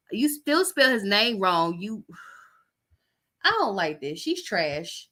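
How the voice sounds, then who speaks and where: A woman's voice: medium pitch, expressive, takes it slowly, sharp tone. A woman podcast host, reading posts aloud and giving blunt, sarcastic gossip commentary in a casual way.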